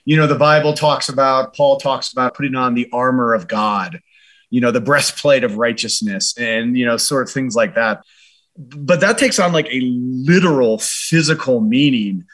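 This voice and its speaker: Man, interview guest, earnest, reflective, lots of fillers, mid pitch. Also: moderate pace, a bit bright. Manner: earnest, frequent fillers like "you know" and "like". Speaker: interview guest, former military advisor. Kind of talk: reflective conversational storytelling.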